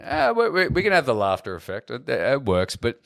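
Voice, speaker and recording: A man's voice: mid-range voice, big pitch swings, brisk, vocal fry, a bit bright, a little hiss or hum. An Australian actor, a man, chatting animatedly as a podcast guest, with lots of restarts. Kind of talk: casual podcast chat.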